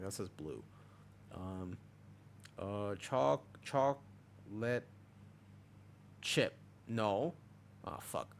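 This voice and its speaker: A young man talks through his live stream in a loose, wandering way, starting sentences over and again and dropping a swear word now and then. His voice sits at an ordinary middle pitch, relaxed and chatty. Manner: rambling, restless, full of restarts and swearing. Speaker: Twitch streamer. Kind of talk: casual live-stream chat.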